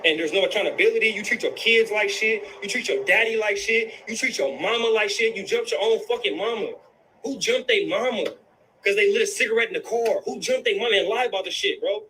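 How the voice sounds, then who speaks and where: A man's voice: high voice, brisk, bright, forceful tone, a little hiss or hum, low-quality recording. A man in a heated, profane rant, angry and repeating himself, tossing in "bro" again and again. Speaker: guest in a livestream clip.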